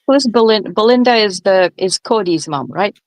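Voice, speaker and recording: A woman's voice: mid-range voice, animated, normal speed, rough recording. A woman co-hosting a casual true-crime chat, asking questions and agreeing along. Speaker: co-host.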